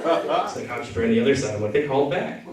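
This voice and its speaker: A man's voice: medium pitch, lively intonation, fast, very noisy. A man doing a loose, rambling stand-up set that keeps correcting itself. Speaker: stand-up comedian. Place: comedy venue with a crowd. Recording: echoey room from far off. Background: audience laughter.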